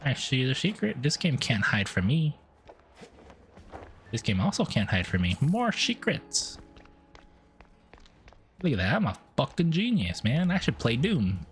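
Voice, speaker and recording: A male streamer gives casual commentary on a game as he plays. His voice is very lively, and his pitch jumps up and down. Faint game music plays under him. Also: normal speed. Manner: playful, swears often, swings his pitch.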